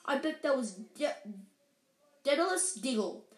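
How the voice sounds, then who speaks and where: A woman's voice: on the high side, very animated, moderate pace. Lady reading as a severe cranky witch teacher, snappy, echoey room. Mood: irritable. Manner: irritable, clipped. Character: stern, severe older witch professor. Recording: roomy echo.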